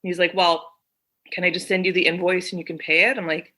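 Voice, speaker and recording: A woman's voice: lowish voice, flat delivery, quick pace, bright, forceful tone. A woman co-hosting a podcast, retelling a phone call in casual chat and acting out both sides of it. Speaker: podcast co-host.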